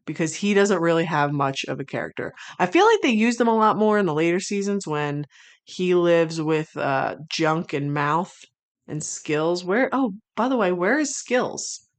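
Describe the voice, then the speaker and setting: A woman with a low-sitting voice streams casual commentary, swearing freely. At times she bursts into loud, exasperated rants, and at other times she rambles thoughtfully, restarting often.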